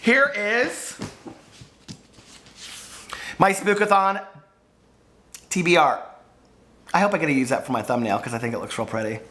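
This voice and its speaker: A man chatting to camera as a book vlogger, gushing and full of fillers, hoarse from losing his voice. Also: fairly high pitch, lively intonation, measured pace, long pauses, pushed and bright. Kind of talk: casual chat to camera.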